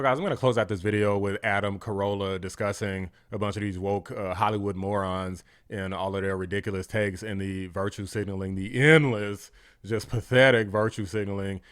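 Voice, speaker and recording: A man's voice: on the low side, fairly quick. Ranting male commentary host. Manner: ranting, mocking, blunt. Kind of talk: reaction commentary.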